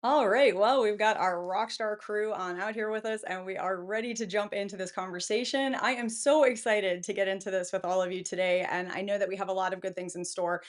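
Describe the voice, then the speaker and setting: A woman's voice: mid-range voice, steady tone, brisk, few pauses. A woman hosting a live webinar, upbeat and chatty, greeting audience members by name. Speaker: webinar host.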